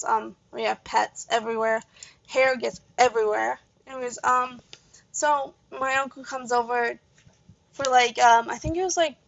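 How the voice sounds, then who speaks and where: A woman's voice: a little high, vocal fry, dry recording. A young woman from Canada hosting a gaming channel, telling a casual story full of fillers and side tangents. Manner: rambling, full of fillers and asides. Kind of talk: casual storytelling while playing a game. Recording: dull lo-fi home mic.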